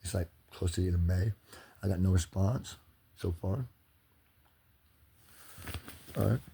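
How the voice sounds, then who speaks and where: A man's voice: low voice, a little fast, vocal fry, dark tone, slight background noise. A man venting angrily in a rambling, profane monologue to his channel. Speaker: vlogger.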